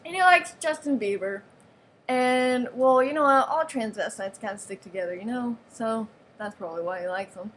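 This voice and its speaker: A woman's voice: a little high, moderate pace, fairly bright tone, slight background noise. A woman giving a playful, mock-serious show-and-tell of a toy, with giggles and sarcastic asides. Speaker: vlogger showing off a toy.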